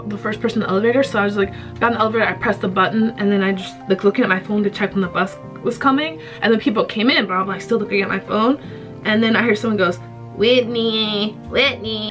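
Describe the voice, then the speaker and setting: A woman vlogger casually telling a story to the camera, chatty and animated, laughing often. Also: mid-range voice. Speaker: YouTuber vlogger.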